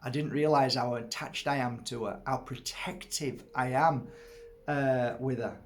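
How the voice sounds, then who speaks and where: A man's voice: medium pitch, fairly even intonation, unhurried. A middle-aged man chatting casually to camera as host, rambling, laughing often and breaking off to fuss over his dog.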